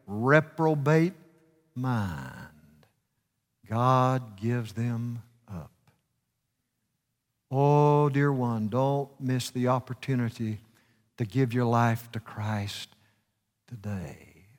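A man's voice: mid-range voice, takes it slowly, long pauses, a bit bright. A male preacher delivering a fervent sermon and telling a story, his voice swelling and dropping for emphasis. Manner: fervent, rising and falling for emphasis. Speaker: guest preacher. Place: church sanctuary. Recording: reverberant church hall.

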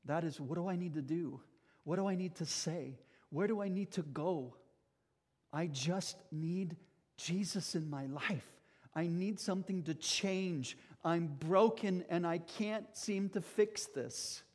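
A man's voice: on the high side, unhurried, darkish tone. A man preaching a sermon as pastor, earnest and emphatic, speaking directly to his congregation.

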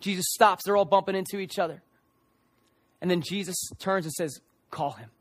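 High-voiced, impassioned young male preacher. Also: steady tone, a little fast. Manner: impassioned, acts out voices of people in the story. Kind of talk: sermon.

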